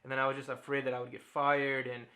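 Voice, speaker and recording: A man in his thirties shares personal, reflective thoughts straight to camera, laughing a lot and using fillers. He speaks quickly in a mid-range, level voice with a sharp edge.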